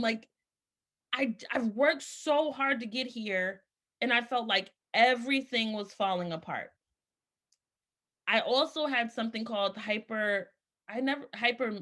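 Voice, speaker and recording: A woman's voice: medium pitch, normal speed, sharp tone. A woman in her thirties giving an earnest, emotional personal testimony. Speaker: speaker sharing her story.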